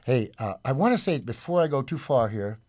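A man's voice: mid-range voice, lively intonation, a little fast, darkish tone. A man hosting a community radio show in a loose, joking, rambling way. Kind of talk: casual on-air radio chat.

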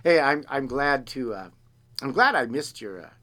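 A man's voice: mid-range voice, animated, moderate pace, sharp tone. A man hosting his own show, talking in a loose, rambling, jokey way and poking fun at himself. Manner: self-deprecating, rambling, jokey. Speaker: host and singer. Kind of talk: casual rambling monologue.

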